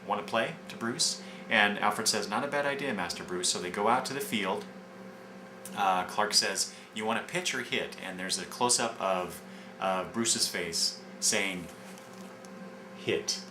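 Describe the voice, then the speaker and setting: Male reviewer, low voice, loose and rambling delivery; roomy echo, audible background noise. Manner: rambling, many fillers and restarts. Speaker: comic book reviewer. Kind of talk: casual review, retelling scenes. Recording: echoey room with background noise.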